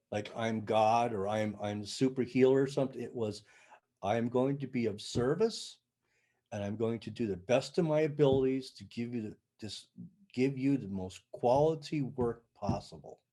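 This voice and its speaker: An older man with a mellow, warm tone, chatting casually as a podcast guest. He tells his story in a lively way, acting out each side of the conversation. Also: medium pitch, moderate pace. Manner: animated storyteller, acts out dialogue. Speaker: sound healing practitioner, podcast guest.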